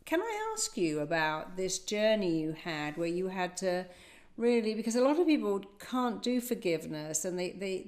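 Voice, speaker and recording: Woman interviewing, mid voice, lots of mm-hmms, encouraging. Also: medium pitch. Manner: warm and encouraging, with many listening murmurs. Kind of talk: interview questions.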